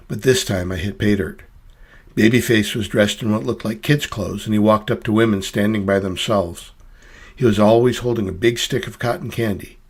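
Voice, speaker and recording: A man's voice: on the low side, husky. A man reading his own story aloud in dry, wry, hard-boiled first-person narration.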